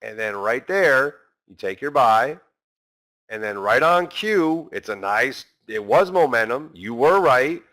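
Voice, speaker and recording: A man's voice: mid-range voice, expressive, measured pace, a bit bright. A man teaching a trading session in a conversational way, peppering his points with tag questions and acting out frustrated traders. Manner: conversational, constant tag questions like right and okay; acts out frustrated traders' inner voices. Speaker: trading instructor.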